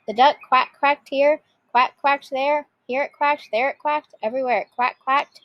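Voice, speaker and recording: A woman teacher reading a picture book aloud with lively expression. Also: high voice, normal speed, hardly any pauses, muffled recording.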